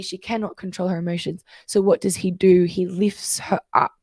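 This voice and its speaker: Animated woman, dry close sound. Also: lowish voice, moderate pace, dry recording. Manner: animated storytelling, acting out quoted voices. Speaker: guest coach. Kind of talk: casual interview chat.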